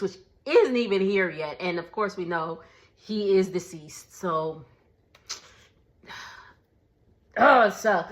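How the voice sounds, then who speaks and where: A young adult woman chatting casually through a reality TV recap, animated and laughing often. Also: mid-range voice.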